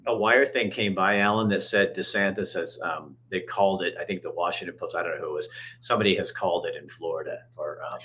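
A man hosting a casual political chat, telling stories in an animated, emphatic way. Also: low voice, fast talker, a little hiss or hum. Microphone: camera on a video call.

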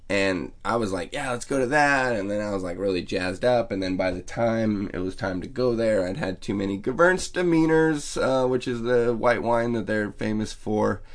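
A man telling a rambling, profane, self-mocking story as a podcast host. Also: lowish voice. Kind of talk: casual storytelling monologue.

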